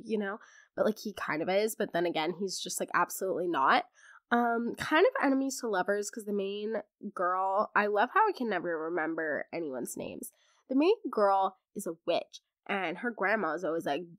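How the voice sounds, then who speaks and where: A young woman hosting a podcast, chatting excitedly about books in a casual, gushing way, her voice hoarse from laryngitis. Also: mid-range voice, normal speed, dry recording, clean studio sound. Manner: gushing, animated, acts out characters in quotes. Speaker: podcast host. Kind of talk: casual book chat.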